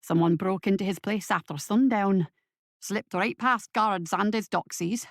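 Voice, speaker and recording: A woman's voice: mid-range voice, measured pace, dry recording, clean studio sound, close to an everyday voice. A woman voicing a blunt, wary Scottish man who talks in a sardonic way. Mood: accusing.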